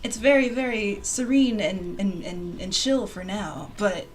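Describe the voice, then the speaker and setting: A woman hosting a casual live stream, excitable and bubbly, laughing often and bursting into squeals, on a desk mic with soft music behind her. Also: medium pitch, measured pace. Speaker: livestream host. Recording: quiet music under the voice. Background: soft background music.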